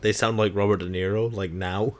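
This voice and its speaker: A man's voice: on the low side, fairly even intonation, brisk. A man co-hosting a podcast, chatting casually about old films in a thoughtful, earnest and slightly hesitant way. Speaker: podcast co-host.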